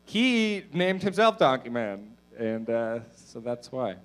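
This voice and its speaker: A man doing a stand-up set in a comedy club, mumbling his asides and pushing his punchlines out loud. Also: medium pitch, very animated, slow pace.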